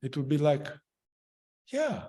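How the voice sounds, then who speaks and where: Male group facilitator, mid-pitched, halting delivery with repeated phrases, teaching a therapy technique. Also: darkish tone. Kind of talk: explaining a therapy method to a group.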